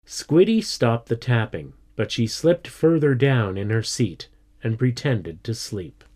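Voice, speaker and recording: Slow, measured male storyteller. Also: medium pitch, expressive, darkish tone. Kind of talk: reading a children's story aloud.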